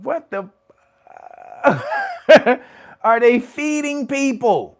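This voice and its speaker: A man hosting casual news commentary, animated and profane, breaking into laughter and loud exclamations. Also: extremely high pitch, drawn-out words. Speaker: host of a commentary channel.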